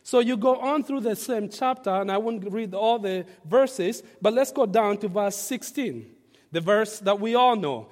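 High-voiced male preacher in a reverberant hall. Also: a little slow. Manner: emphatic, repeats phrases, varies loudness for stress; asks the congregation to read along. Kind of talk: sermon.

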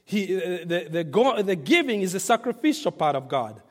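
A male preacher with a high-pitched voice delivers a sermon in a hall with a long echo. He stresses key phrases through repetition and shifts between loud and soft. He invites the congregation to join in reading. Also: sing-song, normal speed. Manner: emphatic, repeats phrases, varies loudness for stress; asks the congregation to read along. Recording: reverberant hall.

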